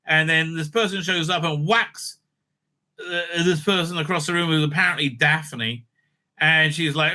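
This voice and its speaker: A man's voice: a little high, unhurried, sharp tone. A man recapping and reviewing a show in a casual, rambling way, exasperated and full of fillers. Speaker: video reviewer.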